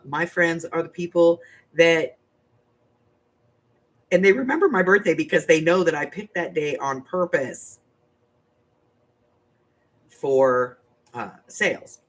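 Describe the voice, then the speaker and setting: Blunt rambling grandmother hosting a live stream. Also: on the low side. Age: older. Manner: blunt, rambling, talks straight to viewers. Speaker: crafting channel host. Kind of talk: casual livestream chat.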